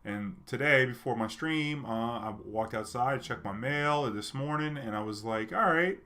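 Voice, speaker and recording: A man's voice: mid-range voice, measured pace, pushed and bright. A man telling a personal story to his viewers in a loose, chatty way, full of fillers and restarts. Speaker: streamer and storyteller. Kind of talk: casual storytelling.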